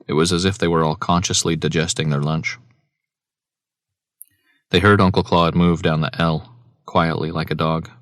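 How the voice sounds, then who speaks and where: A man narrating an audiobook in a measured, even reading voice on a close mic. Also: low voice, no room sound. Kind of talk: scripted narration.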